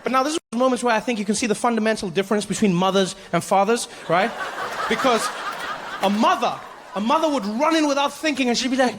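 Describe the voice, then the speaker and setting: A male stand-up comedian with a notably high voice, telling a story with a lot of energy. He jumps in and out of the characters, and a faint hum of noise sits under the stage sound. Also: quick pace. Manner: animated, acts out every character. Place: comedy stage with laughing audience.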